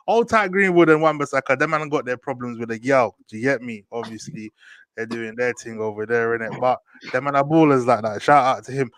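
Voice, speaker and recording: A man's voice: mid-range voice, fairly quick, dry recording. Slangy young man, dry mic. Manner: slangy, animated, repeats "do you get me". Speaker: host. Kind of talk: casual football chat.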